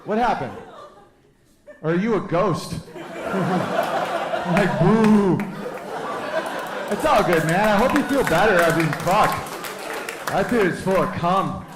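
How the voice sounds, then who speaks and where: A man's voice: sits high, animated, slow pace, pauses often, roomy sound. A man in his thirties doing a brash, crude stand-up set on a club stage, riffing with the crowd. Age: 30s. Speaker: stand-up comedian.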